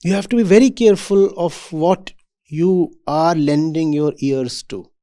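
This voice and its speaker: Measured man giving a mellow talk. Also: on the high side. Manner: deliberate, measured, acts out imagined speakers. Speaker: spiritual teacher speaking to students. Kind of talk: reflective public talk.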